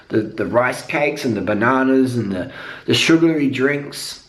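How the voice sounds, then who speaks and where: A man's voice: medium pitch, a little slow. Male vlogger, mid-range voice, profane off-the-cuff rant, recorded in a reverberant room. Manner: profane, rambling, emphatic repetition. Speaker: cycling vlogger. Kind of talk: unscripted monologue rant. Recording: echoey room.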